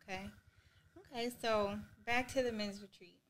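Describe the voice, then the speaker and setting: A woman's voice: mid-range voice, steady tone, normal speed. Attentive woman podcast host. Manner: attentive, guiding with follow-up questions and soft affirmations. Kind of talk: interview questioning.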